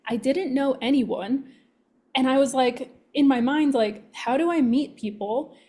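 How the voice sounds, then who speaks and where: A woman who coaches clients on manifestation chats on a podcast with a somewhat high voice. She tells her story in an animated way, acting out her inner thoughts as she goes. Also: unhurried, slightly rough. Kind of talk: casual podcast chat.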